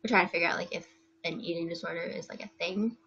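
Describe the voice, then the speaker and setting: A woman's voice: lowish voice, steady tone, fast talker, bright, forceful tone, slight background noise. Shy young woman on a muffled video call. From United States, East Coast. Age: young adult. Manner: hesitant, shy, many fillers. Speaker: livestream guest. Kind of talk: casual video call chat. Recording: dull lo-fi video call audio.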